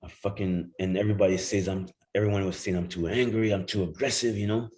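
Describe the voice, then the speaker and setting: Low-voiced man telling lively stories. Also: quick pace, rough recording. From Jamaica. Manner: animated, acts out voices in his stories, swears freely, laughs often. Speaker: guest, former football player. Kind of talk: casual storytelling.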